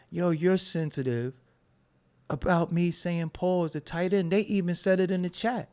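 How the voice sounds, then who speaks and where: A man's voice: on the high side, fairly even intonation, moderate pace, a little mellow. A man hosting a casual livestream, ranting at his chat in a profane, mocking way. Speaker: show host.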